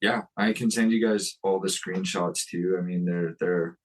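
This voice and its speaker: A man's voice: low voice, steady tone. A man who is a guest on a podcast, speaking bluntly in casual conversation and often restarting his sentences. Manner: blunt, halting with many restarts.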